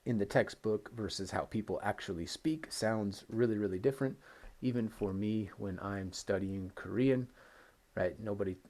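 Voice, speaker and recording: A young man teaching beginner in a recorded lesson, speaking patiently and repeating phrases slowly. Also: on the low side, warm tone. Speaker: English teacher.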